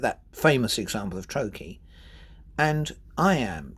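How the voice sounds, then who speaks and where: Male teacher, slow and deliberate, lively pitch, slightly husky; reads verse and marks the stresses. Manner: slow, deliberate, stresses words to show rhythm. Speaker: poetry teacher. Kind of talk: spoken lesson with poem readings.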